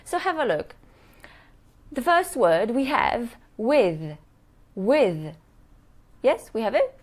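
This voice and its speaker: A woman teaching English pronunciation in a live online workshop, modeling words slowly and checking in with "yes?" after nearly every point. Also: a little high, sing-song.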